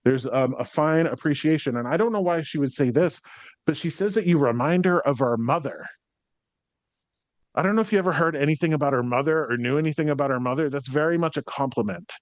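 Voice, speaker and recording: Brisk and a little high, a male medium's voice comes across in a dry recording as he delivers a spirit reading to a sitter. The reading is rambling and hesitant, packed with ums and likes, with swearing when he relays the spirits.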